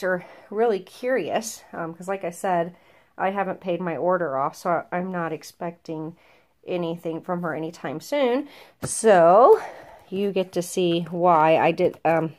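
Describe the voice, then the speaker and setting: A woman chatting casually to her viewers as she opens a gift box, soft-spoken and gushing, often stammering with excitement. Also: on the low side, a little slow. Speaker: vlogger opening a gift box. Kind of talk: casual unboxing chat to camera.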